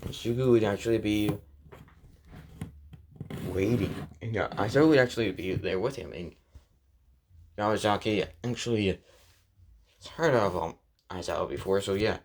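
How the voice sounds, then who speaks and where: Man, low-ish voice, loose rambling storyteller, heavy on fillers. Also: moderate pace, pauses often, slight background noise. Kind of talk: improvised fan story retelling.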